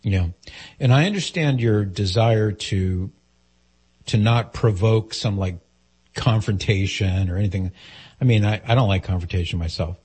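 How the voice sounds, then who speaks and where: Low, husky male advice host. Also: normal speed, darkish tone. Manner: direct, earnest, poses questions. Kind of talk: call-in advice talk.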